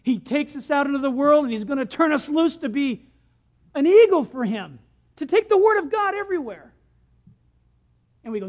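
Animated preacher with lively pitch. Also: moderate pace, long pauses. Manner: animated storytelling, swings from loud to hushed. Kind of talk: sermon.

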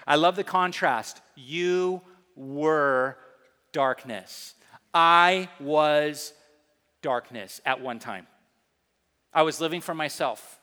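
A middle-aged man preaching as a pastor, telling stories with emphasis and reading scripture slowly and deliberately. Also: fairly high pitch, bright, forceful tone, long reverb tail. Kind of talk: sermon.

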